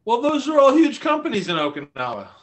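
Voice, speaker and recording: A man's voice: very high-pitched, huge pitch swings, fast talker. A man co-hosting a casual podcast, teasing and sarcastic. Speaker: podcast co-host. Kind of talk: casual chat.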